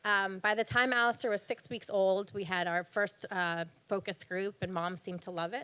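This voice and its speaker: Candid woman with a smooth, clear voice. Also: medium pitch, moderate pace, fairly bright tone. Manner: candid and earnest, with many fillers. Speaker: speaker at a live storytelling event on failure. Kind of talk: personal talk to an audience. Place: event stage before an audience.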